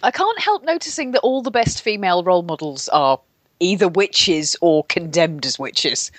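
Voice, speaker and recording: A woman's voice: fairly low pitch, lively intonation, moderate pace. Woman co-host, dry wit, voice moves around a lot. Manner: dry, sardonic. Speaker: podcast co-host. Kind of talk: casual chat.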